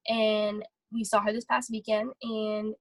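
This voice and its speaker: Young woman, casual motivational vlog, chatty and excitable, dry close sound. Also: medium pitch, a little slow, no room sound, rough recording. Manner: chatty, filler-heavy, excitable. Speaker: vlogger.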